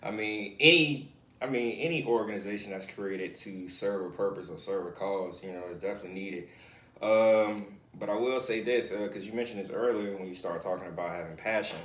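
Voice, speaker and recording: A man speaking as a guest on a casual talk show, animated and earnest, with frequent restarts and "you know". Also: lowish voice, fairly quick. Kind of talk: casual chat. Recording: echoey room, faint noise.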